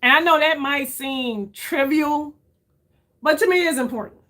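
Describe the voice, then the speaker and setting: A woman in her 50s, a beauty creator, chats casually with her viewers in a bright, forceful tone, speaking a little slowly. She's candid and searching, often says "y'all," and her pitch rises to emphasize things.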